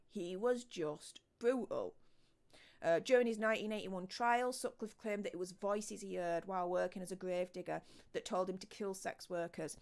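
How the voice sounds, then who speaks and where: A woman talks through a true crime story for her video. Her voice is smooth and resonant, pitched in the middle, and she chats casually, repeating herself for emphasis and filling gaps with ums. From Yorkshire, England. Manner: chatty and emphatic, frequent ums and restarts. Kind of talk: casual explainer commentary.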